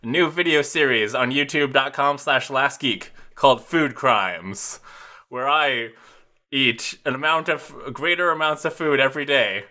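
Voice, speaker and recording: A man's voice: mid-range voice, measured pace, pushed and bright. A man hosting a podcast in casual chat, rambling through jokey plugs and announcements. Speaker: podcast host.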